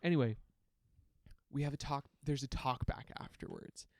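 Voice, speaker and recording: A man co-hosting a podcast, telling a story in casual chat, laughing often and acting out quotes with sudden jumps in pitch. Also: flat delivery, normal speed, vocal fry, no room sound. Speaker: podcast co-host.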